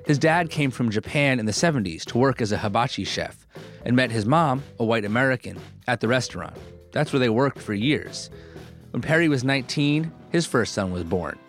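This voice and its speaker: A man hosting a documentary-style podcast, narrating in a measured, clear way and interviewing a guest. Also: mid-range voice.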